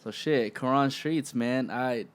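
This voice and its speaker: A man hosting a casual interview show, speaking in a relaxed, slangy and supportive way with lots of affirming replies. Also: medium pitch, slow, clear, resonant tone. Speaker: podcast host.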